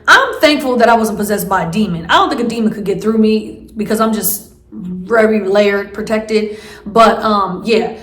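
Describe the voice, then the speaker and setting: A woman's voice: mid-range voice, reverberant. A woman vlogger telling a story casually, rambling with many fillers and restarts.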